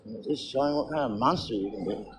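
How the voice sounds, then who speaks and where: A man's voice: mid-range voice, fast talker, slight background noise, low-quality recording. A man ranting and answering viewer comments on a casual livestream, profane and agitated, in tooth pain.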